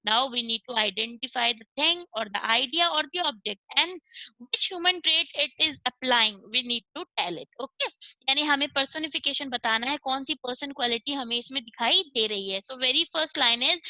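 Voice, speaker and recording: Indian lady teacher, online class, high voice, dry close sound, keeps saying okay and switching to hindi. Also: expressive, racing, bright, forceful tone, no room sound, poor audio. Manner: explains step by step, switching between English and Hindi, checks with "okay".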